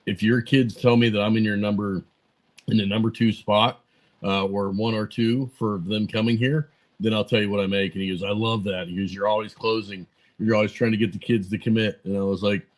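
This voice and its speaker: Low flat-voiced man telling stories. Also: low-quality recording. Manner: rambling anecdotes full of fillers and quoted dialogue. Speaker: podcast guest. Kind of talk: casual storytelling interview.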